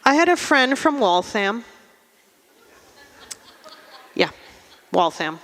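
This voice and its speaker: A Russian-born woman doing a stand-up set on a theatre stage with dry, deadpan delivery. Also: on the high side, measured pace, a little hiss or hum. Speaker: stand-up comedian. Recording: live theatre hall reverb.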